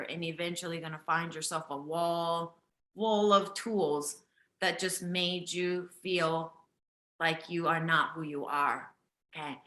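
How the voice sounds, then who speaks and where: Woman teacher, unhurried, bright tone, gentle and earnest, echoey room. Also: fairly low pitch. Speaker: breathwork teacher and host. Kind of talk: live online session talk.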